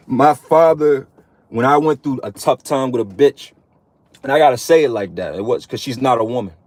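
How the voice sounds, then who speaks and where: Medium-pitched and a little mellow, with no echo, this man in his thirties is a religious vlogger giving a profane street-preaching monologue. He addresses other men bluntly, frequently adding "man" to the end of his sentences.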